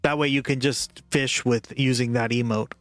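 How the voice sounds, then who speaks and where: A man's voice: medium pitch, steady tone, normal speed, a bit bright, dry recording. A man livestreaming and chatting casually with viewers, rambling and full of "like" and "right?", with faint music behind him.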